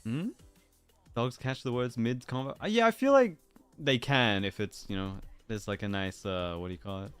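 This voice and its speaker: A man's voice: mid-range voice, lively intonation, normal speed, clear, resonant tone, soft background music. A man chatting casually on a livestream, musing aloud in a playful way and drifting into silly voices. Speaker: streamer.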